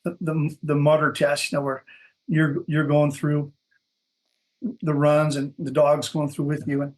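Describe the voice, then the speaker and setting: Rambling man with a higher voice. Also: completely flat delivery, unhurried, darkish tone. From Minnesota. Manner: rambling, repeats words while searching for phrasing. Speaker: dog breeder guest. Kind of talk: casual interview storytelling.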